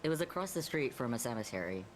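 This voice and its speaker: A man playing a tabletop game, tossing in wry, quick reactions. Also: medium pitch, big pitch swings, crowd noise. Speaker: player. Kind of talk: casual tabletop game chat.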